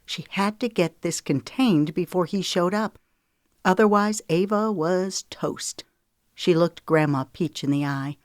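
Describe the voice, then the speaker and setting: A woman with a lowish voice narrating an audiobook in a measured, even pace. The recording is dry and close, with no room sound. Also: no room sound. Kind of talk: scripted storybook narration.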